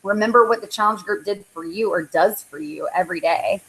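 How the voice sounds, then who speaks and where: A woman's voice: medium pitch, a little fast, fairly bright tone, poor audio. A woman coaching her team on a live call, chatty and full of likes and ums. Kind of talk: casual motivational talk. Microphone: live online call.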